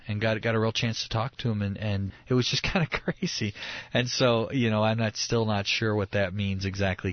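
Rambling pastor co-host, dull dry sound. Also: male voice, medium pitch, no echo. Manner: rambling storyteller with many restarts and laughs. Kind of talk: casual studio chat. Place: radio studio.

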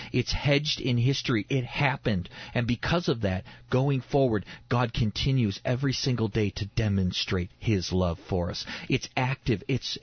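A male pastor speaks earnestly and with emphasis, circling back to the same phrases to drive them home. His voice is husky, and the recording is dry and dull, like lo-fi broadcast audio. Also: medium pitch, no echo. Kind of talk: preaching in a radio interview.

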